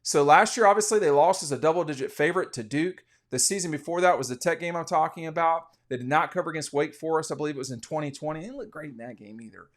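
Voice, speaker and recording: A man's voice: on the high side, quick pace, few pauses. A man hosting a casual college football podcast, giving rambling, opinionated betting commentary with frequent restarts. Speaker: sports podcast host.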